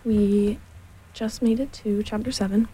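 Breathy woman reading a storybook. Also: mid-range voice, steady tone, unhurried, dark tone, low-quality recording. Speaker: storybook reader. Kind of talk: reading a children's book aloud.

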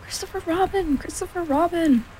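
A woman's voice: on the low side, moderate pace, dark tone, a little hiss or hum, lightly acted, rough recording. A woman voicing a small, timid male piglet who protests in a flustered, indignant way in a storybook reading. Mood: high-pitched protest.

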